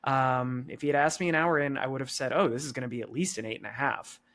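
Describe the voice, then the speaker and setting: A man's voice: medium pitch, fast talker, fairly bright tone. A man co-hosting a casual movie podcast, chatty and joking, hedging his opinions. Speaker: podcast co-host. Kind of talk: casual chat.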